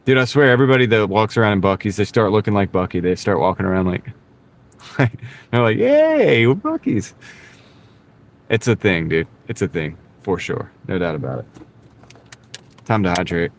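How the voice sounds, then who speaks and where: Driving for a delivery app, a man with a deep voice talks quickly to his live-stream audience, cracking jokes between orders. It's casual chat captured on a wireless clip-on mic inside the car.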